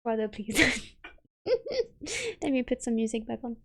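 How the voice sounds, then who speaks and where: On a home live stream, a woman reads chat aloud and giggles frequently, speaking loosely into a desk mic. Her slightly high, gravelly voice keeps fairly even intonation at a measured pace, with a little hiss or hum.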